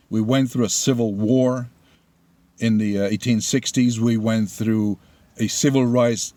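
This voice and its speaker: A middle-aged man, a native Spanish speaker, delivers blunt political commentary in a slow, deliberate way. His voice sits at an ordinary pitch for a man. The sound is dry and close, with no room echo. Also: darkish tone. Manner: deliberate, blunt, opinionated storytelling. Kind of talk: opinion monologue.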